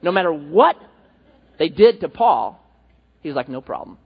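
Animated, husky-voiced preacher in a hall. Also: male voice, fairly high pitch, unhurried. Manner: animated storytelling with acted-out quotes. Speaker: pastor. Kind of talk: sermon. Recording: echoey hall, dull lo-fi.

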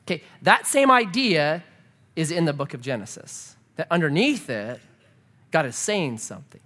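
A man preaching a sermon in church, animated and humorous, asking the congregation rhetorical questions. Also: on the high side, moderate pace. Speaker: pastor.

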